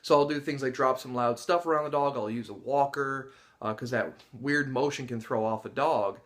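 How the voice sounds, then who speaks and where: With a medium pitch and moderate pace, a man who trains dogs gives casual instruction to the camera about training and testing them. Gasps and laughs come in as he imitates the reactions of dogs and people.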